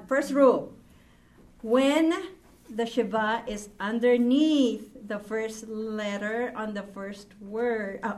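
Slow, patient woman teaching a class. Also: mid-range voice. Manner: patient, repeats words for students, slow and deliberate. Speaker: Hebrew teacher.

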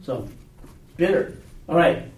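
A man's voice: a little high, expressive, slow. A man teaching a Bible class in a casual, conversational way, often checking in with his students through questions. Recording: echoey room, mic far off.

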